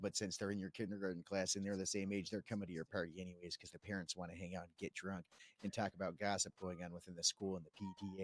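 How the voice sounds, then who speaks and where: A man telling a dramatic, profane in-character story during a role-play stream, swinging between hushed and loud. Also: mid-range voice, no echo.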